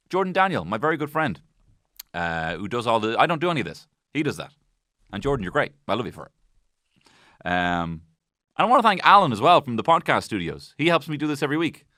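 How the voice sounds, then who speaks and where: A man's voice: medium pitch, bright, forceful tone, dry recording. A man hosting a comedy podcast from a studio. He recaps an episode in a rambling, jokey way and swears freely. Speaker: podcast host.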